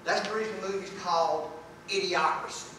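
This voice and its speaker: A man's voice: sits high, fairly even intonation, brisk, sharp tone, slight background noise. A man preaching a sermon in a folksy, emphatic way, repeating words for stress. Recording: echoey room, voice from a distance.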